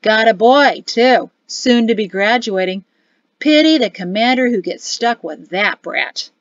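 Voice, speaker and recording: A woman reading an audiobook voices a crude, hard-drinking male sergeant who talks loudly and coarsely, in a slightly dull, dry studio recording. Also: sits high, unhurried, no room sound. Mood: coarse griping. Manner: loud, coarse, belching.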